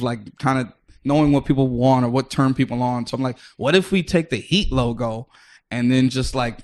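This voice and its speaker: On a podcast, a male comic from the Bronx in New York rambles through a story, restarting often and swearing casually. When quoting others he puts on their voices, and his pitch stays in an ordinary middle range.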